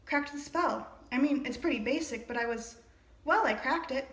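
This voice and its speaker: A woman's voice: sits high, moderate pace, a bit bright. A woman reading aloud as an eager teenage boy wizard, in a light, slightly raised voice. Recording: roomy echo.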